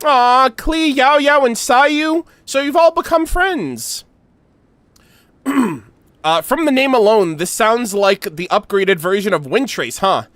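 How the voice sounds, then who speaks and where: Male streamer, high and very animated, excitable, profane, casual reaction. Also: slow pace, no room sound. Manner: excitable, swears, gushes and laughs. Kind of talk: casual gameplay reaction, reading dialogue aloud.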